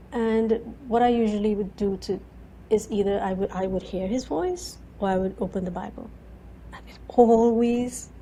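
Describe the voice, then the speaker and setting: A woman in her thirties, a guest in an interview, telling her story in an animated way, full of repeated "and"s and acting out her own words. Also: mid-range voice, a little hiss or hum, rough recording. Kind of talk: conversational interview.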